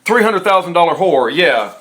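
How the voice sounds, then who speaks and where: A man reading a court transcript aloud and giving indignant, sarcastic commentary, dropping into a low mocking tone for the lines he reads and bursting into shouts. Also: very animated, normal speed.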